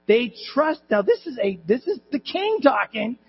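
A male pastor preaching a sermon in church, animated and emphatic, with rhetorical questions to the congregation. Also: extremely high pitch, normal speed, slightly rough, long reverb tail, muffled recording. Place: church hall.

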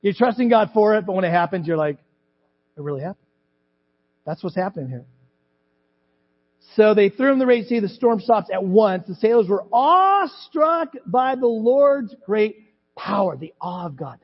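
A middle-aged man preaches from the pulpit in a high voice that leaps up and down with animation. He acts out the voices in the scripture story as he goes. The recording is dull and muffled, with long reverb from the church sanctuary. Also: lively intonation, moderate pace, husky. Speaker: pastor. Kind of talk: sermon.

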